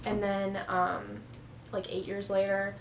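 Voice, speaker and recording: Casting: young adult woman, home vlogger, rambling, filler-heavy, mid pitch, faint background hum. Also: monotone, slow pace. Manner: chatty, rambling, heavy use of "like". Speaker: book vlogger. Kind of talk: casual chat. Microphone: camera on a stand.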